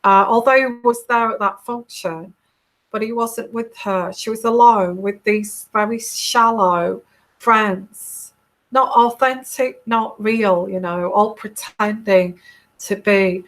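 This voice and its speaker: Woman from the UK, tarot reader, soft calm voice, very slow, hesitant with fillers. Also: mid-range voice. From United Kingdom. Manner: hesitant, with many fillers and restarts. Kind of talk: casual monologue recounting a dream.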